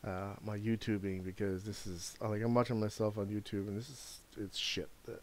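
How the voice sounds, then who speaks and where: A man's voice: fairly low pitch, little pitch movement, a little fast, darkish tone. A middle-aged man hosting a live stream, chatting casually in a frank, rambling way and swearing now and then. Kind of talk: casual chat.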